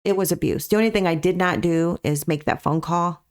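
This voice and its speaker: A woman with a lowish voice speaks as a podcast guest. She tells her story as a dog breeder in an earnest, emphatic way and keeps coming back to her main points. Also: fairly quick, clear, resonant tone. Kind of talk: conversational storytelling.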